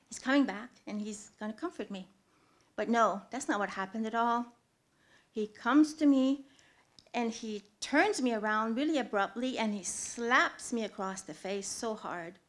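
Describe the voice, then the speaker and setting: A woman tells her own story live from a theatre stage. She speaks earnestly, pauses often and rises to sudden loud swells. Her voice sits a little high.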